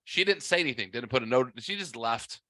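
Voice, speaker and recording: A man's voice: mid-range voice, brisk, no room sound. Blunt, swearing man in his forties. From half white, half Mexican heritage. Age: 40s. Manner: profane, blunt, animated storytelling. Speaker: podcast host. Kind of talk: casual storytelling.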